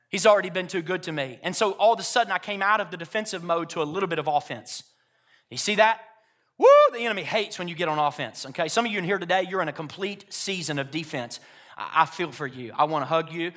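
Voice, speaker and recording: A pastor preaches to his congregation in a high, bright voice. He tells his own story in a quiet, intimate tone. Then he rises into loud, emphatic calls to the room. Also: fast. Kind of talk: sermon. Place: church.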